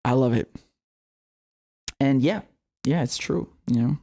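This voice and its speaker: A man's voice: medium pitch, slow, gravelly, warm tone. A young man hosting his own political commentary show, talking casually, sarcastic, swearing freely and laughing often.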